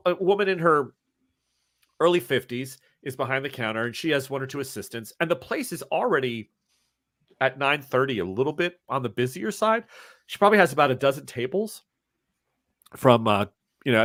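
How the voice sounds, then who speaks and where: A man's voice: medium pitch, a bit bright, dry recording, clean studio sound. A man running a tabletop game as game master, narrating scenes with chatty, self-mocking asides.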